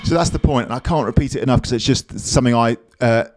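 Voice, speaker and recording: A man's voice: medium pitch, quick pace, faint music behind. A man teaching drums, plain-spoken and encouraging, with blunt asides. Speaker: drum teacher. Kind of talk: drum lesson, counting aloud over playing.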